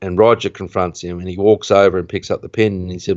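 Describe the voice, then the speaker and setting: Low-voiced man retelling a film. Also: quick pace, no echo. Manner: animated retelling, voice rising at tense moments. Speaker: podcast host. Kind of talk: casual film recap. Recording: dull, dry lo-fi recording.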